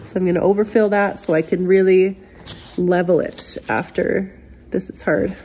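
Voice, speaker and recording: A woman's voice: on the low side, steady tone, normal speed, warm tone. A woman with a cold and a nasal voice, casually explaining a furniture repair step by step as she works in a workshop. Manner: chatty, explains step by step to viewers. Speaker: furniture restorer. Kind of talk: casual how-to demonstration.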